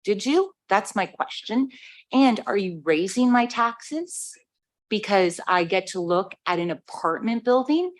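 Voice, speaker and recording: A woman's voice: mid-range voice, animated, unhurried. A woman resident making a blunt, challenging comment at a public planning meeting.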